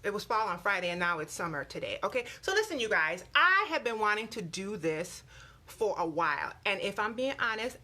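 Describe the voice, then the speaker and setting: Bright-voiced Virgin Islands woman, chatty. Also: medium pitch. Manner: animated, chatty, addresses viewers directly. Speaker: vlogger. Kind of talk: casual Facebook Live chat. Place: indoors on a home staircase.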